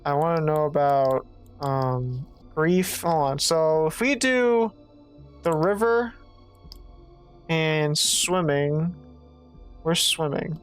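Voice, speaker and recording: A woman's voice: low-pitched, slow, pauses often, clean tone, soft background music. Foul-mouthed woman streamer thinking aloud. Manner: swears freely, thinks out loud, reads game text. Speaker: gaming streamer. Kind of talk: let's play commentary.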